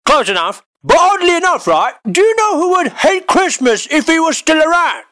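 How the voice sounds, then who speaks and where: A man voicing a brash, crude, indignant Jesus as a laddish bloke, ranting and shouting in a comedy sketch. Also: extremely high pitch, very animated, moderate pace, full character voice. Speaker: comedy YouTuber.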